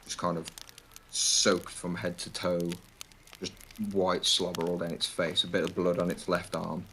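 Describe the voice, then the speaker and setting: A man with a very deep voice narrates a tabletop session as game master. He describes scenes loosely, with many fillers, over a faint hiss. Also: completely flat delivery, measured pace, pushed and bright, low-quality recording.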